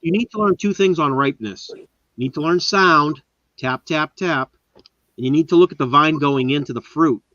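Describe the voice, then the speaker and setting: Guy hosting a live stream, excited and rambly, dry dull lo-fi sound. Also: on the high side, normal speed, no echo. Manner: enthusiastic, rambling show-and-tell. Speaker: host. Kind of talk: casual live-stream chat.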